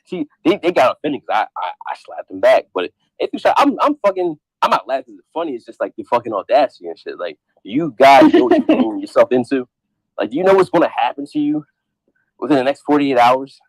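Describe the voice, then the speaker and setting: A man's voice: medium pitch, quick pace, breathy edge, no room sound, rough recording. A man hosting a casual podcast chat, talking bluntly with heavy profanity. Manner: profane, animated, blunt trash talk. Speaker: podcast host.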